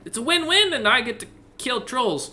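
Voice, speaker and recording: A man voicing an excitable young male monster hunter in a tabletop role-play game, his talk rushed and climbing in pitch with glee. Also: exaggerated voice. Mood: gleeful.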